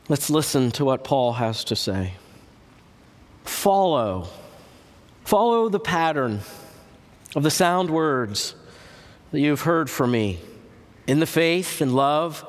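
A man preaching a teaching sermon, slow and emphatic, repeating key words with long pauses. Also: mid-range voice. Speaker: church historian and lecturer. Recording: reverberant hall recording.

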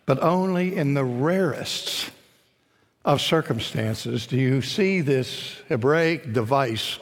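A man preaching a sermon, deliberate and emphatic, rising to shouts on key words. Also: medium pitch, lively intonation. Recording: long reverb of a large hall.

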